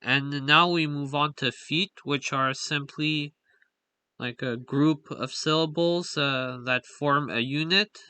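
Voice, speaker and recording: A young man talks through a linguistics slide lesson at an unhurried pace, pausing on fillers and correcting himself as he goes. His voice is very bright and crisp. The recording is dry and close, with almost no room sound. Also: on the high side, steady tone, no room sound. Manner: hesitant, frequent "uh" fillers and self-corrections. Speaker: linguistics explainer. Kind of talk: slide lecture voice-over.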